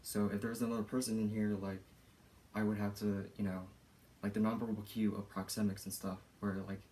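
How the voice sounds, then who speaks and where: A man's voice: lowish voice, level tone, brisk, mellow, slight background noise. Hesitant young man, lots of fillers. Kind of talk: casual spoken explanation.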